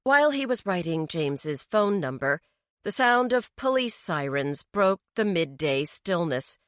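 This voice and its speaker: Woman narrating a story, slow even pace, bright voice. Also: mid-range voice, no echo, clean studio sound. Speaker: audiobook narrator. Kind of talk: scripted narration.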